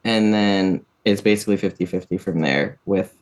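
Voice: sits low, moderate pace, darkish tone. A guest on a podcast talking in a rambling, earnest way, often restarting sentences, in a casual chat. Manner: rambling, self-correcting, earnest.

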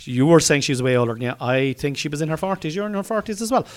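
A man's voice: a little high, animated, racing. Teasing Irish man, casual banter. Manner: teasing, playful, bursts into loud mock shouting. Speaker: podcast co-host. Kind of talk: casual chat.

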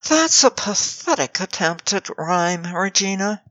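A woman's voice: medium pitch, very animated, measured pace, fairly bright tone, dry recording, pitched above the performer's own voice. A woman voicing a sarcastic magic mirror spirit that mocks and teases in a dry, theatrical way, in a slightly dull audiobook recording.

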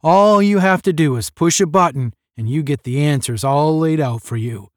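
A hulking young cadet, voiced by a male reader, grumbles in a gruff, weary voice. He talks slowly and heavily. The sound is dry and close. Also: on the high side, no echo, pitched above the performer's own voice, lightly acted. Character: big, strong young male cadet Astro, tired and gruff.

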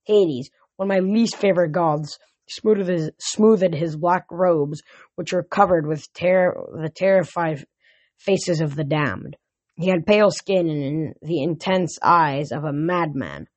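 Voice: medium pitch, measured pace, no echo. A reader narrating an audiobook chapter in a plain voice, with occasional slips and restarts.

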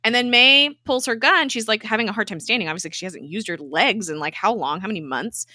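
A woman's voice: mid-range voice, no echo, clean studio sound. A young woman co-hosting a casual podcast, recapping a TV episode, swearing freely and acting out the characters' lines. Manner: animated, swears freely, acts out characters' lines in quick voices. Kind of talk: casual chat.

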